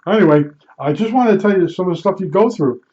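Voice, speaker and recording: A man's voice: high-pitched, expressive, fast, warm tone, muffled recording. An older man from New Jersey telling rambling, blunt stories from his working life, with lots of restarts and salty asides. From Newark, New Jersey. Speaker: vlogger recalling his work as a meter calibrator. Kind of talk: rambling casual storytelling.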